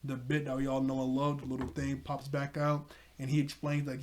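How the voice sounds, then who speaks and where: A man casually recapping a cartoon episode in an excited, rambling way, full of fillers. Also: mid-range voice, a little fast. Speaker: TV episode reviewer.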